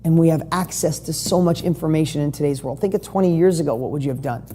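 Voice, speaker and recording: A man's voice: on the high side, fast talker, warm tone, a little hiss or hum. Male success coach, motivational talk, punchy and emphatic, leans on rhetorical questions.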